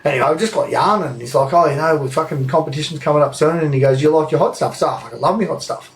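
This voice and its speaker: Brief: Australian bloke, podcast host, fairly high voice, laughs and swears through his yarns. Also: quick pace. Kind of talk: casual storytelling chat. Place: indoor room, recorded live.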